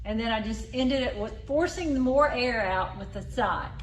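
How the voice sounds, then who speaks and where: A woman leading a group through voice exercises, coaching loud, exaggerated sounds. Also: a little high, moderate pace, slight background noise. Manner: loud, exaggerated vocal demonstrations. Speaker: exercise leader. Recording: echoey room, a bit far from mic.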